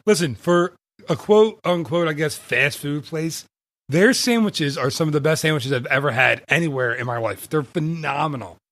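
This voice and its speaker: A man's voice: on the high side, normal speed, a bit bright, no echo. A man hosting a travel podcast in casual chat, rambling and laughing often as he corrects himself. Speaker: podcast host.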